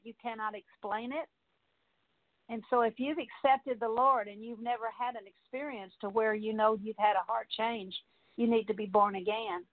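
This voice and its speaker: An older woman teaches about the heart, then leads listeners through a long, repetitive prayer of confession in earnest, steady lines. Her voice sits a little high for a woman. The sound is thin and tinny, like a telephone line. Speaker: Bible teacher. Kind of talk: teaching and leading a prayer of deliverance.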